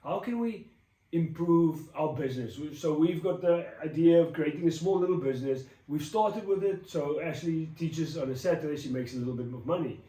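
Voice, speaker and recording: A man talking in a casual devotional vlog, animated and a bit preachy, rambling with restarts. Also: a little high, brisk. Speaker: vlogger. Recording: roomy echo, mic at a distance.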